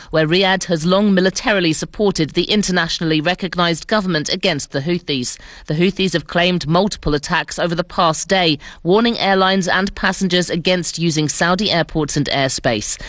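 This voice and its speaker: A correspondent reading a scripted news report, steady and precise. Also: medium pitch, brisk, hardly any pauses, no echo, studio quality.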